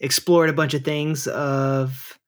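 A man co-hosting a podcast, talking in an animated, rambling way full of "like" and "you know". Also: mid-range voice, slow pace, clear, resonant tone. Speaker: podcast co-host. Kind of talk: casual podcast discussion.

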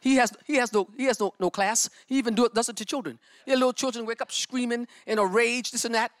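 A middle-aged woman preaching a sermon with personal testimony, fervent and emphatic, and breaking into shouts. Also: on the high side, fast, no room sound.

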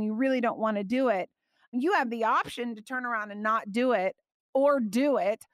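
Woman Bible teacher, higher voice, lively and emphatic, dry close sound. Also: dry recording. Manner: animated, emphatic, laughs often.

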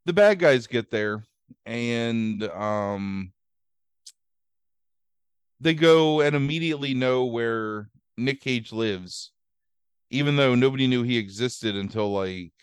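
A man's voice: medium pitch, takes it slowly, pauses often, clear, resonant tone, no room sound, clean studio sound. A man hosting a podcast, casually recapping a movie plot with lots of fillers and easy swearing. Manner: rambling, fillers, swears freely. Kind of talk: casual chat.

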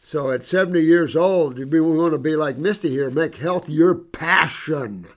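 A man's voice: on the high side, unhurried, highs cut off. A man working as a natural health practitioner, talking casually and enthusiastically to his audience about client cases, rambling with asides and repetitions and calling viewers sweetie and honey. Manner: acts out dialogue in anecdotes. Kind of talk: casual talk to an online audience.

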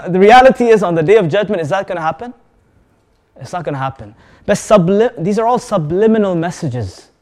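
A man giving a lively sermon to an audience, asking them questions and mixing Arabic words and recitation into his English. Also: high voice, fairly quick. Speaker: Islamic preacher.

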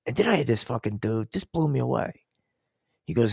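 A man's voice: mid-range voice, sing-song, brisk, gravelly, darkish tone, husky, no room sound, studio quality. An older man hosting a podcast, rambling through a casual, profane monologue full of restarts. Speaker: podcast host. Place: Colorado.

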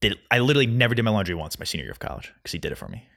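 A young man hosting a solo podcast, rambling through a casual rant at a quick, anxious clip. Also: on the low side, very animated, vocal fry, fairly bright tone. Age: young adult. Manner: fast, rambling, anxious storytelling. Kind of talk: casual ranting monologue. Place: Chicago.

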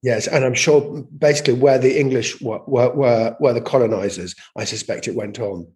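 A man's voice: mid-range voice, normal speed. A man speaking as a guest in a conversational interview, telling stories animatedly, often repeating and restarting words as he thinks. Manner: animated storytelling, frequent repetitions and restarts. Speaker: guest, language campaigner.

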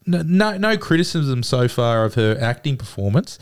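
Laid-back Australian bloke, jokey banter. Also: male voice, mid-range voice, big pitch swings, normal speed, clear, resonant tone. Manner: laid-back, jokey, says "mate" a lot. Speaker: podcast co-host. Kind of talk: casual banter.

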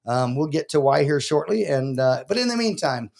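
A man's voice: fairly high pitch, expressive, moderate pace, vocal fry, a little mellow. A male podcast host chatting casually, joking and introducing listener messages. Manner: playful, laughing, jokey. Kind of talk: casual chat.

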